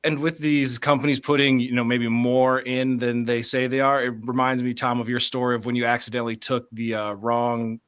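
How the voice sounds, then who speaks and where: A man's voice: mid-range voice, flat delivery, a little fast, hardly any pauses, a bit bright, smooth, dry recording, clean studio sound. A man on a talk show, adding brief, matter-of-fact remarks. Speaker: co-host. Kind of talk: casual radio talk.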